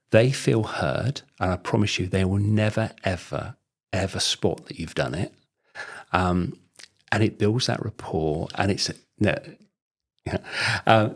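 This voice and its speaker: Man, middle-aged, very deep voice, rough fry, rambling chatty talk. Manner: chatty, rambling, many "you know" fillers. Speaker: sales trainer guest. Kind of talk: casual conversational interview.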